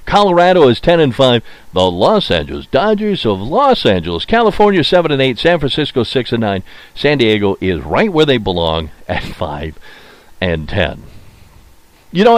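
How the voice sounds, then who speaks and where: A man hosts his own sports podcast, his pitch leaping up and down as he talks. He is opinionated and chatty, repeats his points, and pads his pauses with "uh." His voice is close and dry, with no room sound at all. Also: dry recording. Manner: opinionated, mocks teams in put-on quoted voices; frequent filler "uh" and repeated phrases. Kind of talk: casual solo sports talk.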